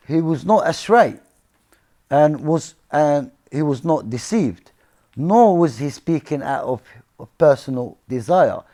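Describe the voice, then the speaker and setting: A man's voice: a little high, dark tone. A man explaining scripture in an informal talk, earnest and often checking in with his listeners. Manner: earnest, keeps checking in with "yeah?" and "see?". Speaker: religious commentator.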